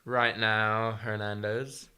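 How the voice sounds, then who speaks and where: A man co-hosting a live show, talking quietly and hesitantly from farther away than the host. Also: lowish voice, level tone, takes it slowly. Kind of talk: casual chat.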